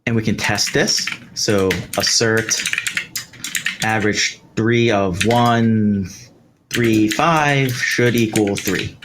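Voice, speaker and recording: A man with a lowish, fairly even voice leads a live coding tutorial slowly, going step by step and using fillers such as "um" and "right" while he works. There's background noise along with the sound of typing.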